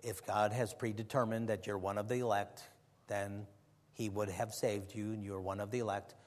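A man putting on the voice of an older male radio Bible teacher who answers callers slowly and flatly. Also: fairly low pitch, in a large hall, pitched below the performer's own voice, close to an everyday voice. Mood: detached. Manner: slow, flat, matter-of-fact answers.

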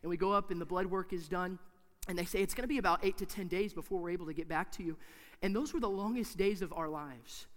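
A man preaching a sermon in a church, emphatic and repetitive, swinging from hushed to loud. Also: high-pitched, fast talker, big-room sound.

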